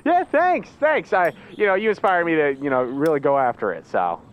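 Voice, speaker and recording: An eager young man trainer, as a player puts him on, who keeps tripping over his own words and jumps all over in pitch. The sound is a little dull and lo-fi, like a home setup. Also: huge pitch swings. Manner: halting, full of restarts and fillers. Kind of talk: tabletop role-play over a phone call.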